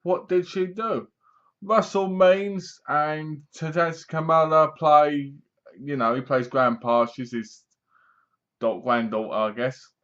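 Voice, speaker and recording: A man's voice: on the high side, fairly even intonation, slow pace, a bit bright. A man with an English accent giving a casual, rambling movie review that sounds sarcastic. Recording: dull lo-fi recording.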